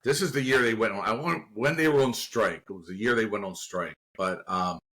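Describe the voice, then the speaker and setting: A man from the Baltimore area, a guest actor, telling an animated anecdote in casual conversation with bursts of laughter. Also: lowish voice, brisk, rough recording. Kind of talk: casual storytelling.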